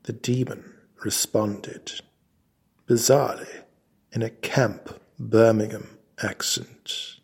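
A man telling a comic mock-heroic tale in a pompous, deadpan, mock-formal way. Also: lowish voice, takes it slowly, vocal fry, breathy edge. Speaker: comic storyteller.

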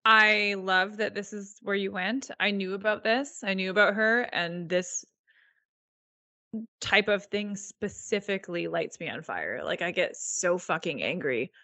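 A woman's voice: mid-range voice, a little slow, sharp tone, dry recording. A woman co-hosting a casual podcast chat, ranting heatedly and swearing. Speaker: podcast co-host.

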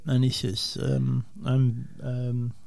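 A man co-hosting a comedy podcast, telling an absurd anecdote in a deadpan, rambling way with low mumbled asides. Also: slow, creaky, no room sound. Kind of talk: absurd comic anecdote, improvised banter.

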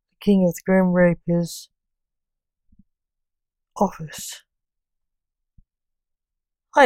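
Woman narrating a story, slow pace, low mellow voice, dry sound. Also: no room sound, poor audio. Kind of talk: reading a story aloud.

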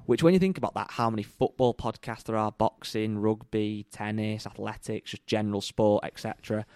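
A man's voice: fairly low pitch, steady tone, fairly quick, darkish tone, dry recording, studio quality. A man co-hosting a golf podcast, chatting casually and plugging the show. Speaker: podcast co-host. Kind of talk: casual chat.

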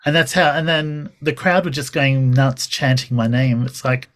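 A man's voice: mid-range voice, normal speed, fairly bright tone. A man talking as a podcast guest in a casual chat, telling stories animatedly with quoted dialogue and laughter.

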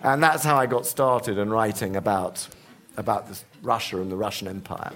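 A man, an author and historian, telling lively stories in conversation, full of asides and restarts. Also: on the low side, moderate pace, a little hiss or hum. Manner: animated anecdotes with many restarts and asides. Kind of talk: storytelling in conversation.

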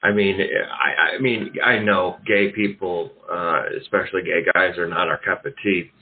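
A man's voice: deep voice, moderate pace. A man hosting a talk radio show, rambling through opinions with many fillers and restarts. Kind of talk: casual talk radio commentary. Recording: tinny phone-like sound.

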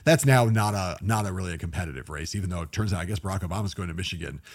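A man hosting a political chat show, talking fast and emphatically. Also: sits low. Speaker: podcast host.

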